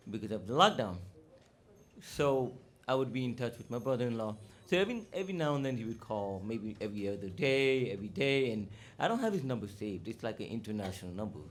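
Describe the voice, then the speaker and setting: A man casually telling personal stories as a disciple at a memorial gathering, chatty with many fillers. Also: medium pitch. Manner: chatty, many fillers, acts out quoted dialogue. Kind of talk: casual storytelling talk. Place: cow sanctuary gathering in Florida.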